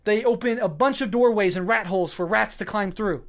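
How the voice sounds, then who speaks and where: A man's voice: sits high, fairly quick. A man hosting a podcast who delivers a fiery political monologue full of swearing and stacked short clauses. He is worked up and short on sleep. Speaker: podcast host.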